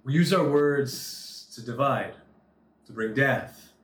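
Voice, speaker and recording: A man's voice: medium pitch, slow, a bit bright, echoey room. A man preaching a sermon, telling a story with earnest emphasis and acted-out dialogue. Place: Turkey.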